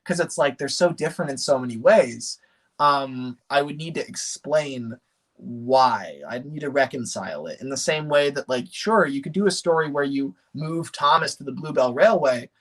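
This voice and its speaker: A man chatting casually on a livestream, rambling and animated, with many fillers and restarts. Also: medium pitch, normal speed. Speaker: streamer.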